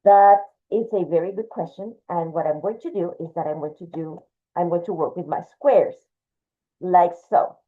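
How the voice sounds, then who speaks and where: A woman's voice: on the low side, moderate pace. Patient woman teaching drawing, tinny sound. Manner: patient, explains step by step, talks while drawing. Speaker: art teacher. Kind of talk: drawing lesson, demonstrating. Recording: tinny phone-like audio.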